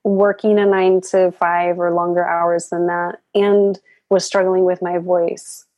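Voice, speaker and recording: A woman's voice: lowish voice, flat delivery, unhurried, darkish tone, no room sound. A woman guest on a spiritual podcast, telling her story in a reflective, earnest way.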